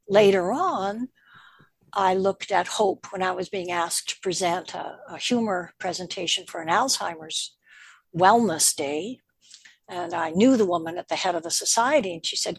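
A woman's voice: medium pitch, moderate pace, husky, dry recording. An older woman from the Canadian prairies, a guest telling personal stories in a conversation and acting out the voices she quotes. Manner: animated, acts out quoted voices. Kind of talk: casual storytelling.

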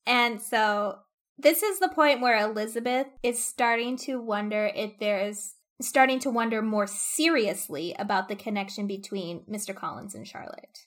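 A woman discussing a novel in casual chat, thoughtfully explaining the plot and acting out quick quotes. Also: mid-range voice, a bit bright.

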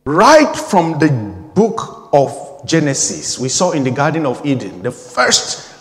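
A man's voice: a little high, big pitch swings, slow, fairly bright tone, long reverb tail. A man in his forties preaching a sermon, emphatic and repetitive, building in intensity. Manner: emphatic, repeating phrases, rising intensity.

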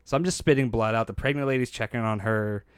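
Man, storyteller, animated, slightly nasal, dry close recording. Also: fairly low pitch, quick pace, clean tone, no room sound. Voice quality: slightly nasal from a hurt nose. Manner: animated, acts out quotes, laughs often. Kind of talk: casual storytelling.

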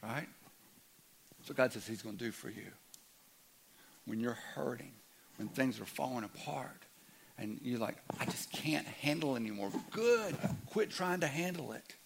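A man in his fifties preaching a sermon as a pastor, earnest, dropping to a hush and then rising loud, often repeating his words. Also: mid-range voice, normal speed, vocal fry, long pauses, a little hiss or hum.

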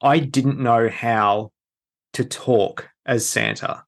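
A man's voice: medium pitch, steady tone, takes it slowly, vocal fry. A man, a guest on a podcast who talks hesitantly about being a new Santa performer. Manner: hesitant, tentative.

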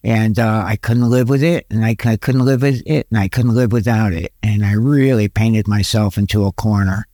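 A man's voice: fairly even intonation, moderate pace, few pauses, dark tone, no echo, studio quality. A middle-aged man telling his recovery story in a folksy, self-mocking way and often laughing at himself. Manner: folksy, self-mocking, quotes sayings in a deeper voice. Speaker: guest. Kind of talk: candid storytelling about recovery.

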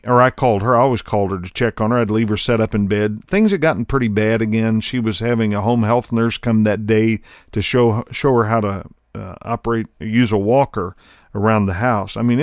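A man's voice: on the low side, no room sound, studio quality. Earnest man telling a testimony. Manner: earnest storytelling, pauses with fillers. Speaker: podcast host. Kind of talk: personal testimony monologue.

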